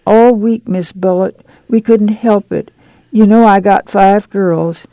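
A woman's voice: mid-range voice, takes it slowly, mellow, no echo, voice pushed up. A reader voicing a timid, ashamed poor mother who whines in a rural folksy dialect. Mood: pleading.

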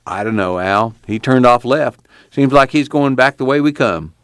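A man voicing a weary older farmer father, speaking in slow, resigned rural dialect. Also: mid-range voice, expressive, fairly bright tone, smooth, dry recording, clean studio sound, voice pushed up, close to an everyday voice.

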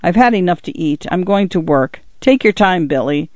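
A man's voice: high voice, lively intonation, normal speed, a little mellow, no room sound. A man doing an irritable ranch father. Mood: curt. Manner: clipped, impatient. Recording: dull lo-fi dry recording.

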